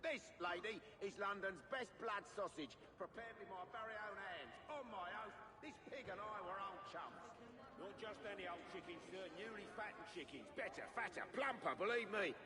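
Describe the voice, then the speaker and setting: Boisterous street food hawker, high voice, long echo, crowd around. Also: male voice, animated, normal speed, pauses often. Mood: hawking. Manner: loud hawking sales patter. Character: boisterous London street food vendor man. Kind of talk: video game dialogue.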